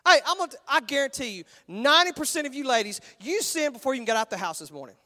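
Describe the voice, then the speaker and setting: A Texan man preaches to a packed auditorium in a casual, lively way, slipping into little put-on voices. His voice sits unusually high for a man. The sound rings with a long hall reverb. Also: racing. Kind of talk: sermon. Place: large church auditorium.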